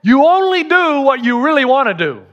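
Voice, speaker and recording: A man's voice: very high voice, sing-song, moderate pace, a bit bright, in a large hall, dull audio. A middle-aged man preaching a sermon as pastor, telling humorous stories and acting out the voices he quotes. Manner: humorous storyteller who acts out quoted voices.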